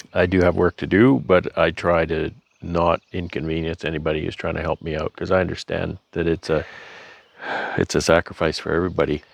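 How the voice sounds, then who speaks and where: A man's voice: low voice, no room sound. A beekeeping man talks to camera in a rambling, earnest way, with frequent fillers and restarts. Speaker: beekeeper vlogger. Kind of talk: casual talk to camera. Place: honey house.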